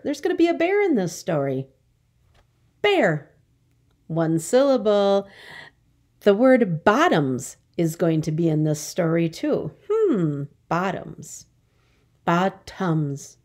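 A woman teacher giving a phonics lesson to young children, drawing words out slowly in a sing-song voice. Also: medium pitch, a little mellow. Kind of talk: early-grade phonics lesson.

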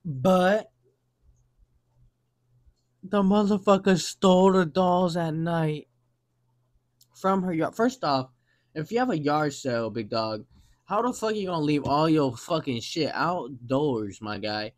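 A man's voice: a little high, expressive, slow pace, long pauses. A man live-streaming his reactions to videos, talking casually and profanely to his chat in heavy slang.

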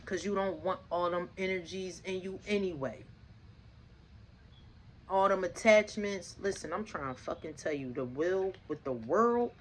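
A woman's voice: on the low side, measured pace, a little hiss or hum. Emphatic, swearing woman tarot reader. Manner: emphatic, repeats herself, swears freely; preaching, asks rhetorical questions. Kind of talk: casual tarot reading to viewers.

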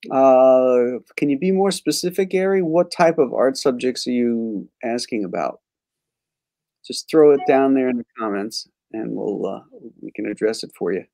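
A man's voice: mid-range voice, moderate pace, creaky, dark tone. Man hosting, reading viewer questions. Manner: reads viewer questions aloud, with fillers. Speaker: host. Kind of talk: casual interview chat.

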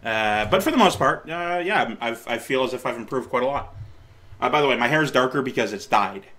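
With a sharp, medium-pitched voice, lively intonation and a slightly quick pace, a man in his late twenties comments casually on an old video of himself. He rambles, corrects himself, pokes fun at himself and offers encouragement.

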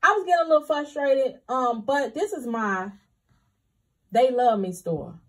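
Chatty high-voiced woman with a lilt. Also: animated, unhurried. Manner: candid, chatty, addresses viewers as y'all. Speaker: couponing vlogger. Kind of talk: casual chat to viewers.

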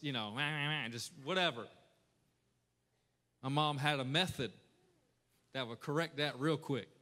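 A man preaching a lively, conversational sermon as a pastor, talking straight to his congregation. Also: a little high. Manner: energetic, conversational preaching with audience call-outs. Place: large church hall. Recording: echoey church hall with long reverb.

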